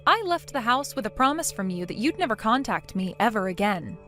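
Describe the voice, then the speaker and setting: A woman voicing a defiant daughter-in-law in a text-message story, sarcastic and mocking, with soft music behind. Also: a little high, very animated, a little fast. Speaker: narrator of the story.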